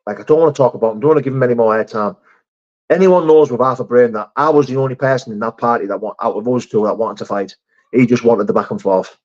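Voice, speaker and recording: A man's voice: mid-range voice, quick pace, darkish tone. A man hosting a casual live stream, reading viewer comments aloud and answering them with frank, sweary chat. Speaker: livestream host. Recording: slightly dull lo-fi stream audio.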